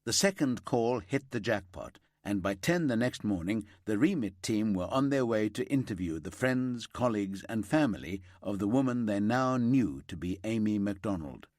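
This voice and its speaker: A man narrating a crime thriller audiobook in a steady, lively storytelling manner on a close mic. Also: lowish voice, normal speed, hardly any pauses, no room sound.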